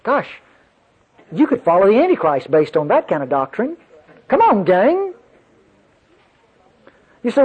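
A pastor delivers a folksy sermon, telling a story and calling out to his congregation in a high, very animated voice with a breathy edge. He speaks fairly quickly and pauses often, captured on a dull lo-fi sermon recording.

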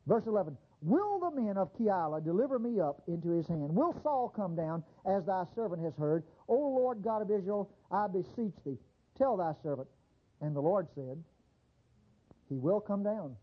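Lively husky-voiced preacher man. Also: sits high, moderate pace, muffled recording. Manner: animated preaching with mock voices. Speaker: pastor. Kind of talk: sermon.

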